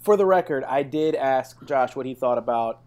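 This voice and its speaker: A man's voice: mid-range voice, lively intonation, moderate pace, darkish tone. A young man co-hosting a podcast in casual banter, rambling and hesitant and laughing often. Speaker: podcast co-host.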